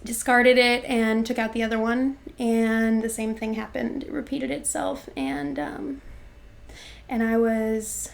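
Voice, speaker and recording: A young woman in her twenties with a fairly high voice tells a personal story in an interview. She speaks reflectively and haltingly, pausing on fillers and restarting her sentences as she thinks. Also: gravelly. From Florida, USA. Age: 20s.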